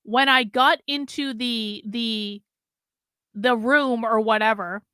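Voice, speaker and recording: A woman's voice: a little high, steady tone, slow, pushed and bright, smooth, no room sound. A woman ranting on her vlog, exasperated and swearing freely, repeating herself and cutting in with strings of refusals. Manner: exasperated, profane, repetitive venting. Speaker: vlogger.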